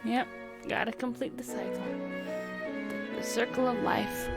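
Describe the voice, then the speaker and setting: A woman hosts a livestream, chatting casually and wryly about an old film while answering her chat. Her voice is on the high side, creaky, steady in tone, and a little slow, with loud music playing underneath.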